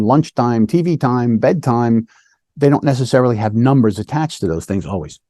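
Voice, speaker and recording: In echo-free studio sound, a police lieutenant with a mid-range, slightly mellow voice explains interview skills conversationally. He keeps tossing "right?" to his listener and plays out little quoted exchanges between officers and children.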